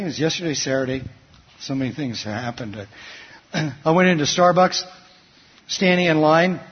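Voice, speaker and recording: A pastor with a slightly high, husky voice preaches a sermon, having the congregation fill in words and telling stories from his week. The sound is dull, with long hall reverb.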